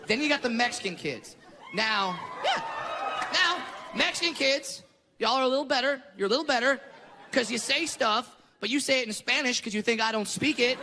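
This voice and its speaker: Very high-voiced guy from socal doing mocking standup, long echo, clear crowd noise. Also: expressive, normal speed. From Southern California. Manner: blunt, mocking, acts out parents and kids in put-on voices. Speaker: stand-up comedian. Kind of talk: stand-up comedy. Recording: live venue with long reverb and crowd noise.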